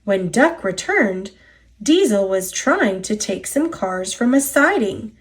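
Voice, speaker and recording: A woman with an American accent reading a children's picture book aloud, clear and expressive. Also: mid-range voice, takes it slowly. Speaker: storyteller.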